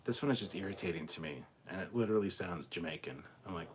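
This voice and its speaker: A man's voice: low-pitched, animated, fast talker, a little hiss or hum. A man hosting a casual live stream, reading chat aloud and ranting bluntly with plenty of swearing.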